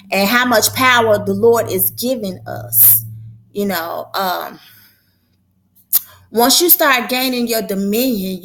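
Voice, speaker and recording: A woman's voice: mid-range voice, a bit bright. A woman prophetess hosting her own show, giving a casual religious talk in a folksy, conversational way with a preaching lilt.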